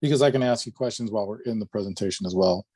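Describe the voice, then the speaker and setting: A man's voice: lowish voice, very fast, warm tone. A man hosting a podcast interview, mostly giving short replies and asking questions. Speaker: podcast host. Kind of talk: casual interview.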